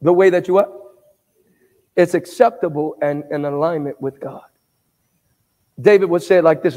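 A male pastor preaching a sermon in call-and-response fashion, asking the congregation to answer back and building to shouted emphasis. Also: on the high side, moderate pace. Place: church sanctuary. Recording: long reverb of a church hall.

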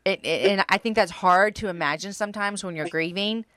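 A woman's voice: mid-range voice, a little fast, dry recording, studio quality. A woman hosting a podcast, chatting casually about faith and often affirming her guest. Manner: warm, chatty, affirming with frequent yeahs. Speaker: podcast host.

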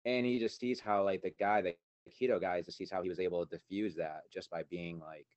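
A man co-hosting a podcast, telling stories in a relaxed way with many fillers. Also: low voice, a little fast, dry recording, dull audio. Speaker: podcast co-host. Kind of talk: casual spiritual chat.

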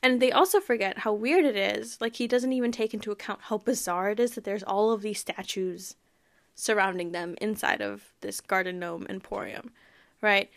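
A woman's voice: medium pitch, moderate pace, creaky. A woman hosting a podcast, giving a casual, chatty recap of a book and its TV show, often breaking into laughter. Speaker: podcast host.

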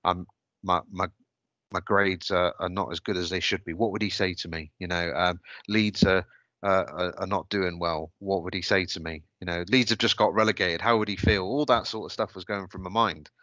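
A man's voice: deep voice, steady tone, moderate pace, bright, forceful tone, no echo. A man telling a personal story on a podcast, hesitant and reflective, often restarting his sentences. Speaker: podcast host.

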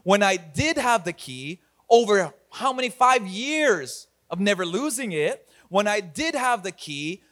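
Upbeat male pastor with a high voice, preaching to an online congregation with energy and humor. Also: measured pace. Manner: energetic, talks to online viewers, laughs at himself. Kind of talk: online church sermon.

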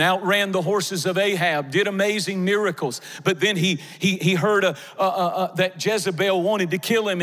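A man preaching a sermon as pastor to a congregation, passionate and building up to shouts. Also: sits high. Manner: impassioned preaching, swelling to shouts. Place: church sanctuary with a congregation. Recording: long reverb of a large hall.

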